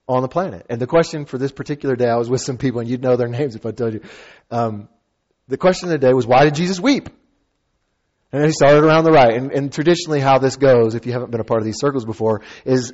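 A man preaching a sermon as a pastor, conversational and animated, with playful asides and acted-out quotes. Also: mid-range voice, highs cut off.

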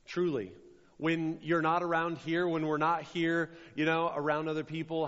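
A man's voice: a little high, flat delivery, normal speed, a bit bright. A man preaching a sermon as a pastor, stressing and repeating key phrases. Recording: dull sound with long hall reverb.

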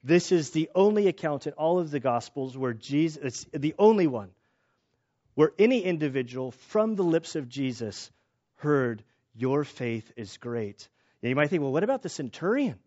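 A man preaching a sermon in a casual, animated way, joking about himself and often restarting his sentences. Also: a little high, moderate pace. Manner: casual, animated, self-deprecating jokes, many restarts. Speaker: pastor. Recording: slightly dull lo-fi sound.

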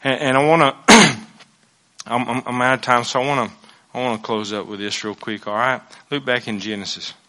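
A man's voice: mid-range voice, steady tone, fairly quick, bright, forceful tone. A man preaching a sermon, telling a folksy personal story with many restarts.

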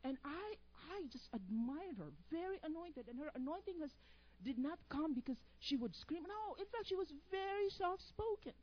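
A high-pitched woman preaches in an animated, playful way. She stops to quiz her listeners before she finishes each verse. The recording is muffled and lo-fi. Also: normal speed. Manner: animated, quizzes the congregation for missing words; playful, teasing asides. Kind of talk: sermon.

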